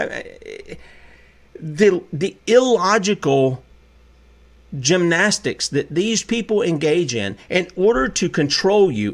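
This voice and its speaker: A man hosting a call-in talk radio show, speaking in an impassioned, preachy way and firing off rhetorical questions. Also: sits high.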